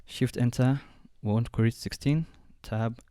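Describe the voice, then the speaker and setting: A man walking through a design software tutorial step by step, thinking aloud as he clicks along. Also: mid-range voice, steady tone, a little slow, no echo, clean studio sound. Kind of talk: screen-recorded software tutorial.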